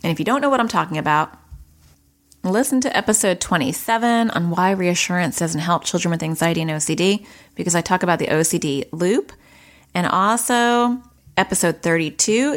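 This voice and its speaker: A woman from New York hosts an educational podcast with a slightly low voice. She explains each point directly and adds quick asides as she goes. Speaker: podcast host.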